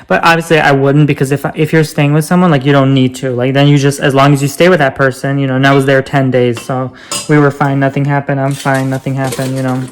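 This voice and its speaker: A man's voice: medium pitch, level tone, quick pace. A man with a light voice that others call girlish, talking casually in a rambling, playful vlog full of fillers. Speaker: vlogger.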